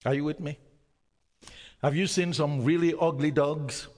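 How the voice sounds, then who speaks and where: A man preaching a sermon, slow and emphatic, with dramatic pauses, rising to a strong voice and dropping to a near-whisper. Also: a little high, steady tone, darkish tone. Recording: long hall reverb.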